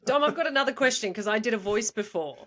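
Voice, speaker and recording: A young woman, a schoolteacher and podcast co-host, telling animated stories in casual chat and laughing often. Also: a little high, quick pace.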